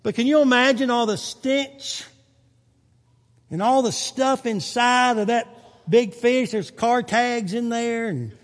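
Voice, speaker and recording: A man preaching a sermon, swinging from quiet, low passages to loud, urgent ones, with folksy asides. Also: slow pace. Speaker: pastor. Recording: long reverb of a church hall.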